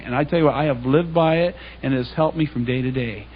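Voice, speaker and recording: A man's voice: fairly high pitch, quick pace, lo-fi sound. A man giving a public Bible talk, telling stories in a casual, conversational way and acting out the dialogue. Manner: conversational, anecdotal, acts out dialogue. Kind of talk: storytelling sermon.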